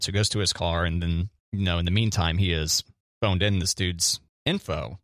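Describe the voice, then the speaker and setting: Low-voiced man telling a rambling story. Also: fairly even intonation, moderate pace, fairly bright tone, dry recording, clean studio sound. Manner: rambling storyteller, jokey, hums sound effects. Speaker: podcast co-host. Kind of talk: casual chat.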